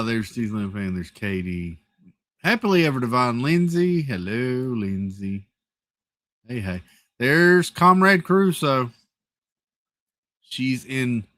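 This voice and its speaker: Male stream host, mid-pitched, dry close sound, playful rambling greetings, slight headache weariness. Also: a bit bright, dry recording. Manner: greets chat viewers one by one, rambling and playful. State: has a headache. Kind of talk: casual live-stream chat.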